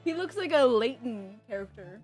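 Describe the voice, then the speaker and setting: Giggly lady streamer doing a game playthrough, reads lines out loud, jokey. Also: on the high side, big pitch swings, moderate pace, soft background music. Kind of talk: game playthrough with line reading.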